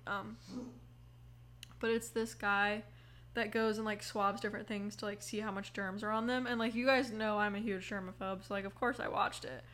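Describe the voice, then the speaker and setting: A young woman chats loosely into her podcast mic, with plenty of fillers and the odd casual swear. She yawns between thoughts and drifts from one story to the next at an easy, unhurried pace. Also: fairly high pitch, fairly bright tone. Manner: rambling, lots of "like", yawning, swears casually. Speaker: podcast host. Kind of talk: casual chat. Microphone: headphones on, recording mic.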